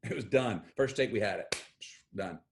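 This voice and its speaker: A man's voice: lowish voice, normal speed, gravelly, noisy background. A man with a Texan accent, a guest in an interview, telling stories emphatically and acting out quoted voices. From Texas. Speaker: guest actor. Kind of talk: animated storytelling interview.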